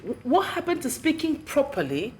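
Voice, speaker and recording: A woman with a Nigerian accent, a TV panel host, posing questions in an animated way. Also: high-pitched, moderate pace, a little hiss or hum. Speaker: show host. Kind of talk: panel discussion. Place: TV studio.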